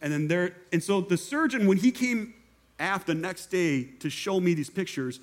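A man's voice: sits high, normal speed. A young man, a pastor, giving a sermon testimony and acting out the voices of the people in his story. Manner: animated storytelling, acts out quoted voices.

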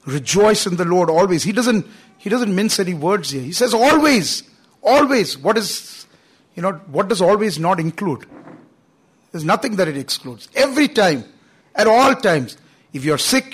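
A man delivers a sermon in an earnest, emphatic way. His voice sits fairly high for a man, and he leans on key words, tossing in "you know" as he goes. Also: expressive, normal speed, husky. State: coughing at times. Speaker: preacher.

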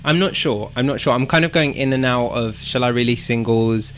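A man's voice: mid-range voice, brisk, fairly bright tone, a little hiss or hum. A man, a musician guest chatting casually and modestly, laughing often. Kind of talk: casual interview chat.

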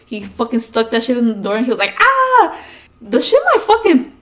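A woman's voice: a little high, fast. Young woman swearing through a story. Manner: profane, animated storytelling. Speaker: podcast co-host. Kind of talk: casual storytelling chat.

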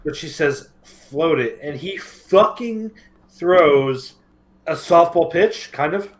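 A man's voice: fairly high pitch, expressive, takes it slowly. A man co-hosting a podcast, joking and swearing in casual chat. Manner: profane, joking, chiming in. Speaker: podcast co-host.

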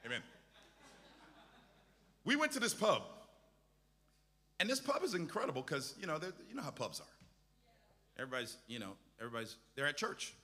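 A man's voice: fairly high pitch, sing-song, brisk, long pauses, pushed and bright, long reverb tail. A male pastor preaching a sermon with impassioned, repetitive exhortations.

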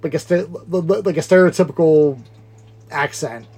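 Higher-voiced man rambling through a movie recap. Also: moderate pace, darkish tone, husky. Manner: rambling, laughing, acts out movie lines. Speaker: podcast co-host. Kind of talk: casual movie recap chat.

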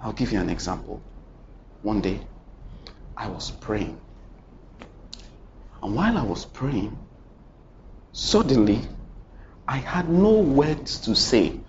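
A man preaches a sermon, his voice leaping up and down in pitch as he tells a story. He keeps turning to the congregation with questions and repeated lines. The recording is dull and lo-fi, with faint ambience underneath. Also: very animated, takes it slowly, pauses often, noisy background. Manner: dramatic storytelling with sudden swings in pitch and loudness; addresses the congregation directly with questions and repetition.

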